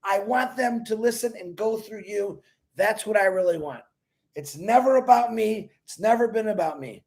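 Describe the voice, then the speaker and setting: A man hosting a casual live stream, giving an excitable, rambling motivational pitch that bursts into shouts, and greeting his viewers by name. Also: moderate pace, vocal fry. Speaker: livestream host greeting viewers.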